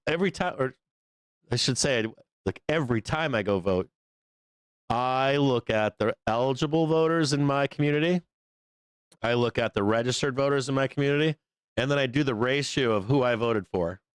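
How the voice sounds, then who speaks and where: Male livestream host, mid-pitched, dry close sound; loose profane rant with frequent laughs. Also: clean tone, dry recording. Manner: profane, rambling, laughs often. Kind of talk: casual rant on a live show.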